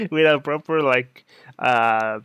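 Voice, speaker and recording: A man's voice: on the high side, moderate pace, pushed and bright, no room sound, clean studio sound. A man playing a video game at home who laughs and jokes about his own voice acting. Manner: laughing, self-deprecating. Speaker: let's play narrator. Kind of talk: game commentary. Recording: game music playing behind. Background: game music.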